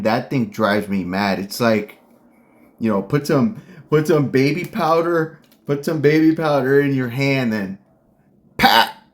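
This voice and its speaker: A man hosting a casual commentary, ranting bluntly and heatedly with lots of slang. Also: medium pitch. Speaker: commentary host.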